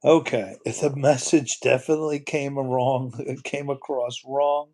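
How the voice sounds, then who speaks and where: A man's voice: medium pitch, steady tone, a little slow, a little mellow. A man hosting a casual livestream, rambling and repeating his words, often breaking into disbelieving exclamations. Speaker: livestream host.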